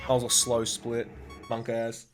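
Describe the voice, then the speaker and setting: A young man, chatting casually and swearing often while playing a game on a live stream. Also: high-pitched. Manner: swears often, rambling anecdotes with fillers.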